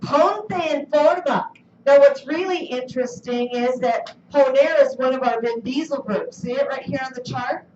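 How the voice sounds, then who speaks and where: High-voiced woman teaching a class. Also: normal speed, darkish tone, a little hiss or hum. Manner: questioning, coaxing students. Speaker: Spanish teacher. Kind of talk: classroom lesson. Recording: roomy, distant, dull classroom recording.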